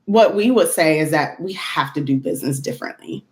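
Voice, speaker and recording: A middle-aged woman with a notably low voice, chatting as a podcast guest. She speaks earnestly, working through ideas aloud and tagging points with quick check-ins. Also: expressive. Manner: earnest, thinks aloud with frequent "right?". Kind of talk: casual conversational chat.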